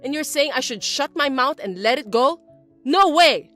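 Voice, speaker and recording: A domineering mother-in-law, voiced by a woman, scolds in a high, indignant tone that leaps up and down. Faint music plays underneath the story narration. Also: animated, moderate pace, fairly bright tone. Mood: whining. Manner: indignant, accusing and whiny. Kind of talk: scripted story voice-acting.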